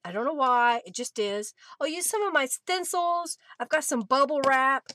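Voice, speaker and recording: A woman's voice: high voice, animated, normal speed, pushed and bright, no echo. A woman hosting a casual crafting livestream, chatting, laughing often and greeting viewers by name. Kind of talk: casual live-stream chat while crafting.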